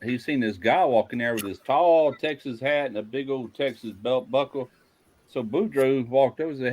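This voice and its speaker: A man's voice: normal speed, a little mellow, highs cut off. A man casually telling folksy jokes, lifting his voice for the characters. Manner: tells folksy Cajun jokes, doing character voices higher. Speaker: joke teller.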